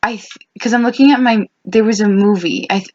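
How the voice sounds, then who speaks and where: A woman's voice: mid-range voice, fairly quick, darkish tone. Rambling young woman podcast co-host. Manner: rambling, filler-heavy storytelling. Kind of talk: casual chat between best friends. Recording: dull lo-fi podcast recording.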